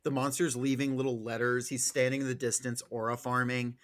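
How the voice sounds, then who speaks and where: A man's voice: medium pitch, level tone, fairly quick, fairly bright tone. Chill guy cohosting a book podcast, jokey, swears a bit, medium voice. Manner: laid-back, joking, swears casually. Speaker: podcast co-host. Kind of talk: casual book discussion.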